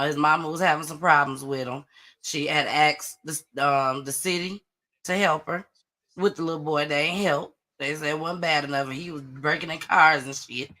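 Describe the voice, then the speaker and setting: A woman hosting a casual live-stream gossip show, chatty and animated as she greets viewers. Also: low voice. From Atlanta area. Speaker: host of a live online gossip and news show.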